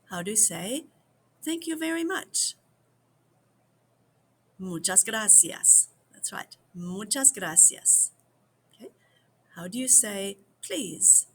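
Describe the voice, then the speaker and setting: A woman from the United States giving a slow repeat-after-me language lesson, drilling each phrase several times for the viewers. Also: fairly high pitch, a bit bright, slight background noise. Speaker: language teacher.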